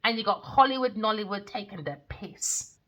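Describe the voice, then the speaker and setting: A woman's voice: medium pitch, lively intonation, moderate pace, pushed and bright. A woman, a tarot reader ranting in a blunt, heated, sweary monologue.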